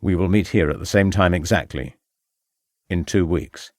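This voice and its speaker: Brief: male narrator doing a curt, menacing male schemer, low, close and dry. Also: moderate pace, dry recording, natural voice. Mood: cold, curt. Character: shadowy man who takes a secret commission, cold and curt.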